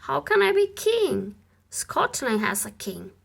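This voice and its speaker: Brief: woman reading doubtful soldier-general, anxious questions, lively pitch. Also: takes it slowly, gravelly, heavily acted. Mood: uneasy. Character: troubled warrior general, doubtful and uneasy.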